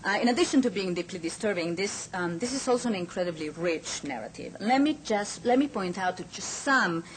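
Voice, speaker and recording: A woman's voice: mid-range voice, animated, brisk, a little hiss or hum, poor audio. A woman speaker giving a lecture at an academic forum, in an earnest, emphatic manner. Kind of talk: conference lecture.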